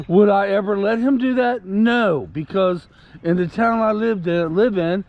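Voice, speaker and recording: A man with a high-pitched, slightly mellow voice vlogs casually on an outdoor walk with his puppy, and the audio sounds dull. He rambles to the camera, repeats himself, and calms the dog with soft words.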